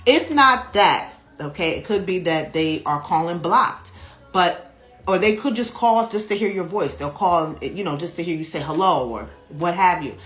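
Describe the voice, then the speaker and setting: A woman reading tarot cards for her viewers in a casual, animated, chatty way, laughing often and speaking straight to them. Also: fairly low pitch, normal speed. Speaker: tarot reader. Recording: echoey room with faint music behind.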